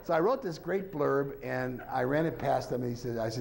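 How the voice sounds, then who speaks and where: A man's voice: mid-range voice, fairly quick, vocal fry, low-quality recording. A man, an author, giving an informal talk to an audience, rambling through anecdotes with lots of filler phrases and acting out quoted voices.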